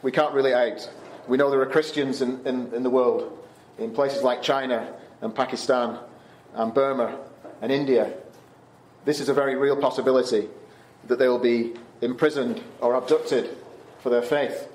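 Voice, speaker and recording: A man gives a Bible talk to teenagers at camp, in an easy conversational way with fillers and restarts. His voice sits at a middle pitch. The room around him is echoey. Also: steady tone, normal speed, a little mellow. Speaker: camp speaker. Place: Canada.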